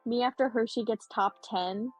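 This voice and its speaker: High, husky woman joking on a stream. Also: normal speed, faint music behind. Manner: playful, sarcastic, excitable. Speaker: tournament co-commentator. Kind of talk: casual esports commentary.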